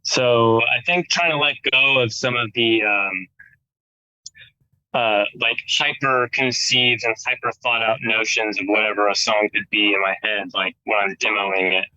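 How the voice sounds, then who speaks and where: In this casual interview, a thirtysomething American guitarist rambles, leaning on "like" and frequent restarts. His voice is lowish and sharp, with fairly even intonation and a slightly slow delivery; the recording is dry with the highs cut off.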